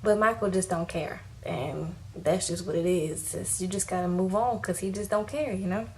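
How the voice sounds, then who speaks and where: Woman, casual slangy recap, animated delivery, faint background hiss. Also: on the low side, moderate pace, low-quality recording. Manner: animated, slangy, acts out quotes. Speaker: TV recap vlogger. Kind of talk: casual recap with acted quotes.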